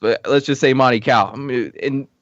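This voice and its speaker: A man originally from Texas tells a winding anecdote as a podcast guest, leaning on fillers and chuckling often. His voice sits in a middle pitch. The recording is dry and a little muffled. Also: normal speed, fairly bright tone, no room sound. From Texas, USA. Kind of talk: casual storytelling.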